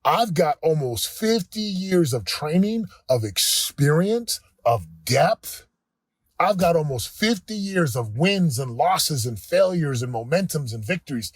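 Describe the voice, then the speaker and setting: A man's voice: a little high, very animated, measured pace, slightly rough, no room sound, clean studio sound. A man in his forties hosting a motivational podcast, speaking earnestly and openly about his own struggles. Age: 40s. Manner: earnest, emotional and confessional. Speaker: podcast host and coach.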